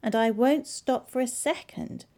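A polite, innocent little girl from a storybook speaks in a high, earnest voice, as a woman reader puts her on. Her voice lifts well above the reader's own and bounces with lively pitch. She stays well-mannered throughout. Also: measured pace, gravelly, heavily acted.

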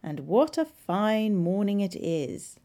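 A woman voicing a crafty, smooth-talking male wolf in a storybook reading, slow, sly and overly polite. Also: mid-range voice, sing-song, mellow.

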